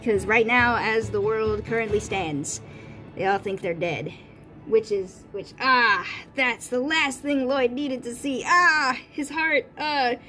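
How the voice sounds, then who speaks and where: A woman's voice: a little high, sharp tone, soft background music. Rambling woman streamer chatting casually. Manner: rambling, full of fillers and restarts, quick quoted voices. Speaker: artist streamer. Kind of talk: casual livestream chat.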